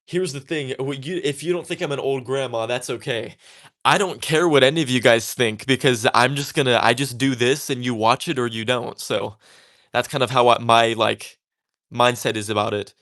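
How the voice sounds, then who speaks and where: A man's voice: mid-range voice, normal speed, fairly bright tone. A young man talking casually about his craft while he works, chatty and a bit defiant, with many fillers and restarts. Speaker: tatting creator.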